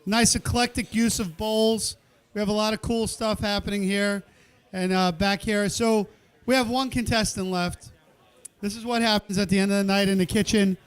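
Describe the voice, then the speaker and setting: A man with a high-pitched, clear, resonant voice speaks at a moderate pace with fairly even intonation. He's the host of a live cooking competition in an indoor event kitchen, emceeing play-by-play, calling the countdown, joking with chefs, and cheering the crowd on chattily.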